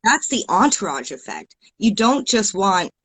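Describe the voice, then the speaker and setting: A woman's voice: mid-range voice, big pitch swings, measured pace, fairly bright tone, breathy edge. A woman with a Canadian accent, a guest podcast host, explaining things eagerly in casual chat.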